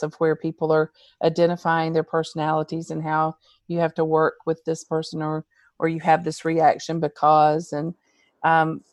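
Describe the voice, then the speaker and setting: Low-voiced woman interviewer. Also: a little mellow, dry recording. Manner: rambling, searching questions. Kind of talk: interview question.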